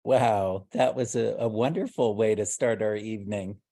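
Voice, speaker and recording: A man's voice: on the low side, steady tone, moderate pace, mellow. A man hosting a storytelling evening, thanking the teller over a video call in an appreciative way. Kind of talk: casual thanks.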